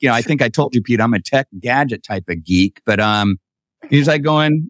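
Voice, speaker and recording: A middle-aged man telling a story as a podcast guest, acting out quoted dialogue with lively voices. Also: mid-range voice, normal speed, no echo, clean studio sound.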